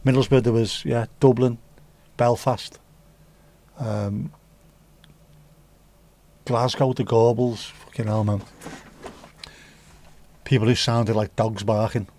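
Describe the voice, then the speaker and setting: Taking it slowly and pausing often, this man speaks in a steady, mellow, mid-range voice. The English livestream host casually chats, reads out viewer comments, and rambles with jokey asides, swearing freely.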